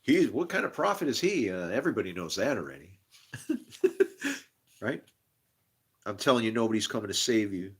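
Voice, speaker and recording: A man's voice: on the low side, sing-song, a little fast, pauses often, fairly bright tone, husky. A man on a rambling live stream, exasperated, swearing and laughing as he talks to his viewers. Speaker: streamer studying scripture.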